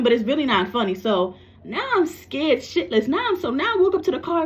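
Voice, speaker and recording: A woman's voice: sits high, sing-song, brisk. A psychic medium, a woman from New York, animatedly tells a personal story to camera and swears freely.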